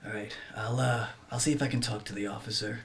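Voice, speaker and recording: Low bright-voiced male player. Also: steady tone, quick pace. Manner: casual, in-character as an agent. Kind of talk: playing a tabletop game.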